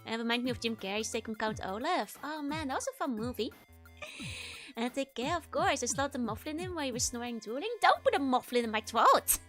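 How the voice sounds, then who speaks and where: A woman's voice: sits high, lively intonation, brisk, a bit bright, soft background music. A Dutch woman streaming, chatting casually with her audience, giggly and greeting viewers one by one, with a tickly, scratchy throat. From Netherlands.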